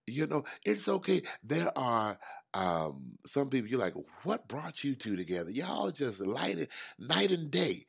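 Lively chatty man hosting a talk show. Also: mid-range voice, creaky. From United States. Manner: animated, chatty, repeats himself. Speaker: host.

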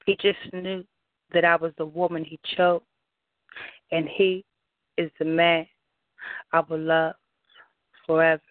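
A woman recites a spoken-word poem at an unhurried, deliberate pace, each phrase set apart. Her voice comes through thin and tinny, like a phone call. The sound is dry, with no room around it. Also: sits low, flat delivery, no echo. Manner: slow, measured, heartfelt delivery. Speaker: poet at an open mic. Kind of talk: spoken-word poetry reading. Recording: tinny phone-line audio.

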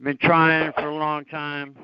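A man's voice: on the high side, completely flat delivery, takes it slowly, clean tone, dry recording. A man calling in to a radio show, talking casually and swearing freely. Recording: dry, muffled lo-fi radio audio.

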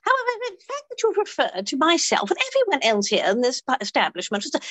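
A woman improvising a prim, sharp-tongued British woman at a pub, with a put-on British accent and pointed, haughty put-downs. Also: high-pitched, wildly swooping pitch, quick pace, voice pushed up, exaggerated voice.

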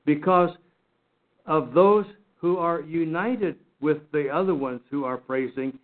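Speaking a little slowly in a high voice, a man teaches a Bible study with earnest emphasis, often doubling back to repeat or restart words. His audio is narrow and phone-like.

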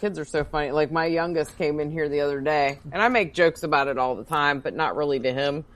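A woman in her thirties trades stories on a casual podcast, sarcastic and quick to swear. Her voice sits on the lower side, and she laughs easily between sentences. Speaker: podcast co-host. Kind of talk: casual chat.

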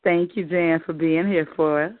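A man's voice: a little high, fairly even intonation, moderate pace, dry recording. A man hosting a call-in poetry show, upbeat and affectionate, laughing often. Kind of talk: casual call-in radio chat. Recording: dry phone-line audio.

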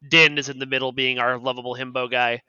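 A man's voice: medium pitch, flat delivery, quick pace, pushed and bright, smooth, no room sound. A man co-hosting a podcast, chatting casually and laughing often. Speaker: podcast co-host. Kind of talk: casual chat. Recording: dull, dry lo-fi mic.

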